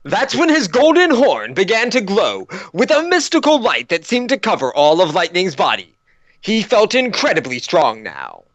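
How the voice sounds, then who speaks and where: A man's voice: sits high, huge pitch swings, moderate pace, a bit bright, dry recording, highs cut off. A man narrating a story aloud with sarcastic asides. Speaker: narrator and host. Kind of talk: comedic dramatic reading.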